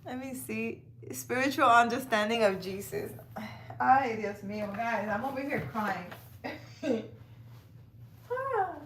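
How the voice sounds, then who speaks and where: A woman's voice: a little high, slight background noise. A woman chatting casually on a livestream outdoors in a park at night, reading out viewer comments, talking straight to viewers by name and laughing often. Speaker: livestream tarot reader.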